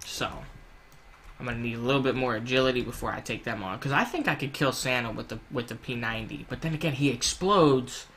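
Young guy doing gameplay commentary at home, kinda bright and punchy voice, rambles a lot, swears, faint hiss in the background. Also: medium pitch, fast. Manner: rambling, swears, panics loudly when chased. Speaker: gaming YouTuber.

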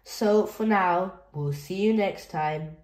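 A woman reading picture books aloud to young children in a slow, sing-song way, asking the listeners questions as she goes. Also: mid-range voice, a little mellow, reverberant. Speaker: children's book reader.

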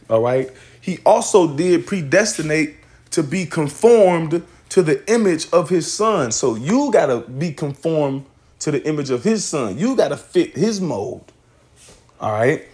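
A man's voice: a little high, a little mellow. A man teaching scripture in a loose, casual way, swearing and laughing often as he reads verses aloud.

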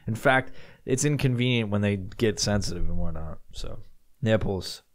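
A man's voice: fairly low pitch, normal speed. A man hosting a casual solo podcast, rambling and swearing as he answers listener questions. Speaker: podcast host.

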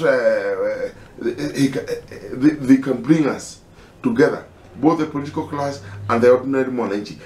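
A man with a Kenyan accent making an impassioned, halting personal appeal, pleading and repeating himself. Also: medium pitch, a little mellow, echoey room. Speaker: concerned citizen.

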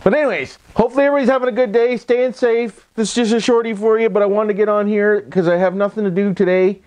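The voice sits high and steady, a little mellow, moving at a quick pace. He's a Canadian vlogger with a Canadian accent doing a relaxed voice-over on a mic, rambling along with folksy catchphrases and tag questions.

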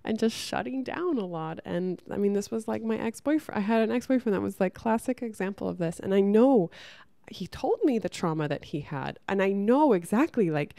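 A woman talking casually to camera about spiritual growth, chatty and soft, often saying "like" and restarting her sentences. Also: mid-range voice, lively intonation, normal speed, creaky, no echo, studio quality. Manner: chatty, many "like" fillers and restarts.

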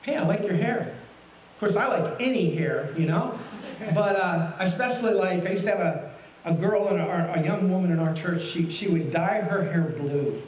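At a moderate pace, a middle-aged guest pastor gives a folksy sermon in a high, energetic voice, asking listeners plenty of questions. The lo-fi recording, with a little hiss or hum, picks him up from afar in a roomy sanctuary where the congregation laughs faintly.

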